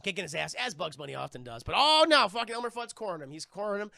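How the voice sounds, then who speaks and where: A man giving a casual live-stream spoiler review of a film, profane and animated, with many restarts. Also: high voice, very fast, gravelly.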